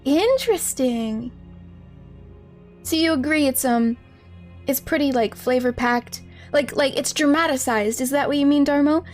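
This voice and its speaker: A woman's voice: high-pitched, a little slow, soft background music. A woman live-streaming a video game, giggling often and chatting to her viewers as she plays. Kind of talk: live gameplay commentary.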